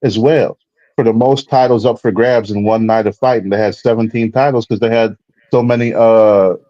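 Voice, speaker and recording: Mid-pitched man on dull lo-fi audio. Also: a little fast, no echo. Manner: relaxed, slangy fight recap. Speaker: boxing show co-host. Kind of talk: casual panel chat.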